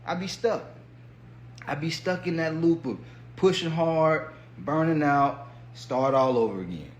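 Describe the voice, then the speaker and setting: A man with a high, light voice talks bluntly about discipline, swearing freely and acting out the doubts in people's heads. The room rings with a noticeable echo, and a faint hum sits underneath. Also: a little slow, lo-fi sound. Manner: blunt, profane, colloquial, acts out inner voices. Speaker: podcast host and fitness coach. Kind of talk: motivational monologue.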